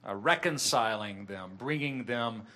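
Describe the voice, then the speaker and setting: A man's voice: medium pitch, a little slow, bright, forceful tone. A man preaching a sermon with earnest, emphatic delivery that swells and drops in intensity.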